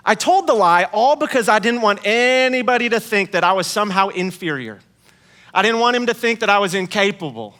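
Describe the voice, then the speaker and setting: A man giving a sermon as guest speaker, telling a story with self-mocking humor and moving between hushed asides and emphatic points. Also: sits high.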